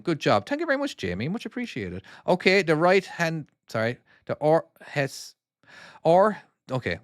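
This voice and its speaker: A man's voice: a little high, a bit bright, dry recording, clean studio sound. A man with a Cork Irish accent, an Irish former truck driver, streaming a trucking game and chatting casually with viewers in a rambling way, restarting sentences and checking in with "all right?". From Ireland. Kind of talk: casual live-stream commentary reading chat.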